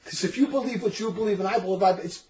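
A middle-aged man with a rather high voice tells a story in casual conversation. He is animated and laughs often. He slips into the voices of the people in his tale. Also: fast, low-quality recording. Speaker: storyteller in a religious talk recording.

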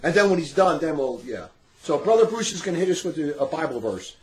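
A middle-aged man with a rather high voice tells a story in casual conversation. He is animated and laughs often. He slips into the voices of the people in his tale. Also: brisk, low-quality recording. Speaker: storyteller in a religious talk recording.

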